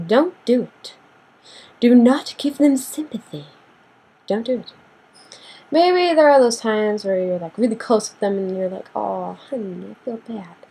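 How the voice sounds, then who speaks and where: A young woman ranting casually to the camera in a sassy, animated way, acting out what people say with big jumps in pitch. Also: slightly rough, poor audio. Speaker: vlogger.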